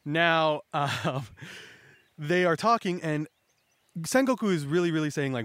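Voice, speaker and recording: A young man hosts a casual chat recapping a manga chapter, rambling with lots of fillers and occasionally acting out characters in raised voices. His voice is fairly high, a bit bright, clear and resonant, with lively intonation, an unhurried pace and long pauses, on a dry recording.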